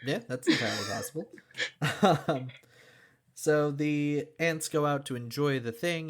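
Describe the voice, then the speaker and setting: Man casually recapping a movie plot. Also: on the low side. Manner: recaps the plot with filler words. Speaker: podcast co-host. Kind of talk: casual chat.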